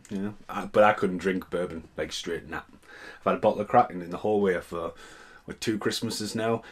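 A young man talks through voice messages in a loose, rambling way, swearing freely and laughing at himself. His voice sits a little low. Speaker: vlogger. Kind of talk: casual reaction commentary.

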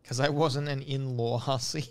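A man's voice: medium pitch, fairly even intonation, moderate pace. A man streaming a video game, chatting casually, swearing at enemies and cracking dry jokes. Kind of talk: casual gaming chat.

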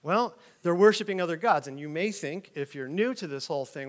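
A fairly high-voiced, middle-aged man leads a Bible lesson. He reads scripture aloud, then breaks into relaxed, chatty explanation with sudden loud emphatic jumps. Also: a little fast, few pauses. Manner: conversational, animated, loud emphatic peaks. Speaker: Bible teacher. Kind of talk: casual Bible teaching, reading scripture aloud.

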